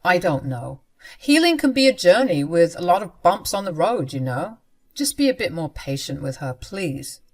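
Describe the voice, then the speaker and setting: A woman voicing a gentle young husband who talks in a soft, earnest, apologetic way in a narrated story. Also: fairly low pitch, sing-song, moderate pace. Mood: soothing.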